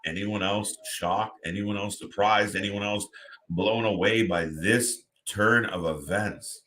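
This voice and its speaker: A man reacts live as the host of a watch-party stream, his voice low yet bright and forceful. He chats loosely and turns to his viewers by name between remarks. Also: steady tone, takes it slowly. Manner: chatty, talks to chat viewers by name.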